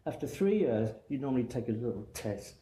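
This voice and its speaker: Rambling storytelling man, mellow voice. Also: medium pitch, lively intonation, a little fast. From England. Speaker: guest hairdresser. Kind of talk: casual storytelling chat. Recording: echoey room with faint noise.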